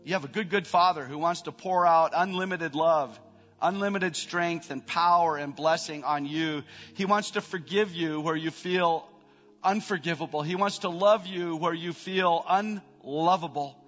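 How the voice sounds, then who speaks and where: A middle-aged male pastor preaching in a church, his fairly high voice ringing out with a long hall reverb. The sound is a bit dull and muffled, with faint music underneath. He climbs to emphatic peaks, then sinks into quiet, tender prayer. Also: normal speed. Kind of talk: sermon.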